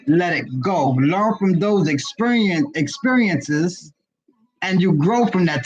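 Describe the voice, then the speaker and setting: A man from Brooklyn, co-hosting a live spiritual reading stream in a casual, preachy and affirming way, speaking to viewers as family. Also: high-pitched. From Brooklyn, New York. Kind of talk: casual livestream chat with spiritual teaching. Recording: dull lo-fi livestream audio.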